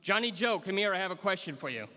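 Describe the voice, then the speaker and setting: A man's voice: high voice, animated, fast talker, bright, forceful tone, big-room sound, pitched above the performer's own voice. A man putting on a stern, tiny old Irish grandmother with an attempted Irish brogue, calling firmly to her grandson. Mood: calling sternly.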